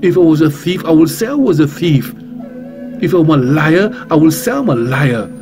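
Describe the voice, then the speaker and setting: A man's voice: a little high, big pitch swings, normal speed, over music. A man with a Trinidadian accent, a reverend preaching on talk radio, bold and emphatic, repeating phrases and firing rhetorical questions. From Trinidad and Tobago.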